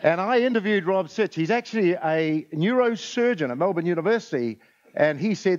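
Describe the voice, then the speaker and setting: A man's voice: high-pitched, very animated, a little fast, a little mellow. A man speaking at a conference, telling stories and jokes with frequent "uh" fillers. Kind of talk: motivational talk with jokes. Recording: lo-fi recording.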